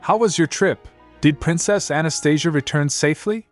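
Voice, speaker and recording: A man voicing a cheerful, teasing old grandmother who speaks warmly. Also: on the high side, moderate pace, faint music behind, voice pushed up, close to an everyday voice. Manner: warm, teasing.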